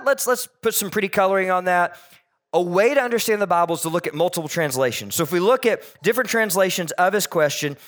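A man preaching a sermon, animated and joking, acting out the characters he quotes. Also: high-pitched, fast. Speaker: pastor.

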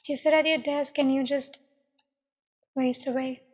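A woman voicing a cold, teasing young female killer who speaks in a slow, mocking, menacing way. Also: high voice, fairly even intonation, a little mellow. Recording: dull, long echoing reverb.

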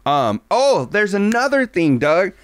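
A man's voice: high-pitched, very animated, measured pace, no echo, clean studio sound. Profane, rambling male podcast co-host. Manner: loose, profane, rambling with many fillers. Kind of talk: casual chat.

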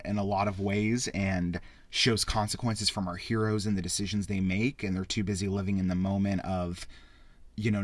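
A man hosting a casual spoken film review, rambling and excitable, with frequent swearing. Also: sits low, no echo. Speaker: podcast host reviewing a film.

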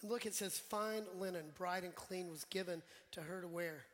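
A male pastor preaching a sermon in a relaxed, conversational way, putting questions to the congregation and joking with them. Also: sits high, normal speed. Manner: conversational, quizzes the congregation, jokes. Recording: long church hall reverb.

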